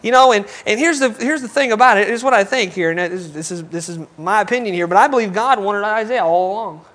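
High-voiced man preaching folksy sermon. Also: expressive, fast, fairly bright tone. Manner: folksy, conversational preaching with rhetorical questions.

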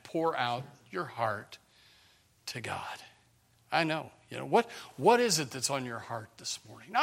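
A pastor delivers his sermon in a high, ringing male voice. He preaches with passion, rising to near-shouts and then dropping to hushed whispers. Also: gravelly.

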